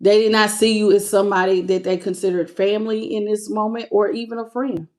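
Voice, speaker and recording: A woman's voice: medium pitch, flat delivery, a little fast. A woman reading tarot cards live, talking to her viewers and greeting them by name, with emotion and a casual way of speaking. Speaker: tarot reader.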